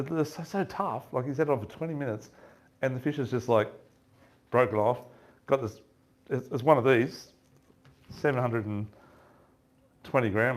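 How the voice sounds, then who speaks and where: A man telling a lively fishing story at a live seminar, laughing and acting out what his mates said. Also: on the low side. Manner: chatty, laughing, acts out quoted lines. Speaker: fishing shop presenter.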